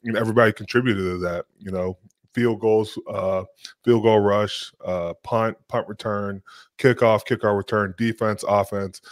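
A man co-hosting a casual podcast, talking in a relaxed, laughing way. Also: on the low side, no echo, studio quality. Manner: relaxed, laughing, animated storytelling. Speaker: podcast co-host, football player. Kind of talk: casual chat.

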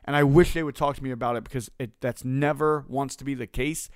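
A man's voice: mid-range voice, steady tone, a little fast, clean tone, no room sound. Blunt, profane man with a dry sound. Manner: blunt, profane, repetitive, emphatic. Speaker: motivational speaker and business coach. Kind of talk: casual motivational talk.

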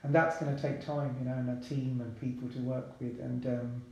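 A man, talking casually as a podcast guest in a relaxed, chatty way with many asides. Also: mid-range voice, brisk, vocal fry. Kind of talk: casual interview talk. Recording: very echoey room.

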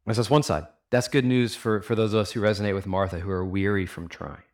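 Male pastor, lower register, earnest conversational sermon delivery, rhetorical questions, casual fillers. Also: steady tone, quick pace.

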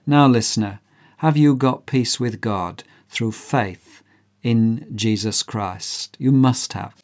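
Slow, earnest male preacher. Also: mid-range voice. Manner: earnest, emphatic, acts out characters' voices. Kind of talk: sermon with a dramatized story.

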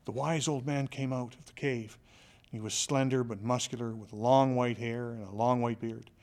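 Expressive male motivational storyteller. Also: mid-range voice, normal speed. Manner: expressive, dramatic, with shifting loudness. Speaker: motivational speaker.

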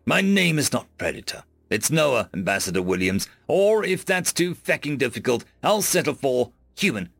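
A man's voice: mid-range voice, sing-song, normal speed, vocal fry, hardly any pauses, fairly bright tone, no room sound, heavily acted. A man voicing a hot-tempered human male ambassador in an audiobook, cutting and sarcastic. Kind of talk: audiobook character voice.

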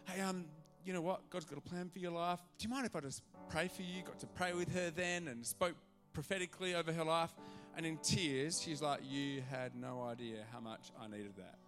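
An animated male preacher delivers a sermon to his church, slipping into little voices as he tells his stories. His voice sits a touch high and sounds bright and forceful. A soft bed of music plays faintly behind him. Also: normal speed, hardly any pauses. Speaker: pastor. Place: church auditorium.

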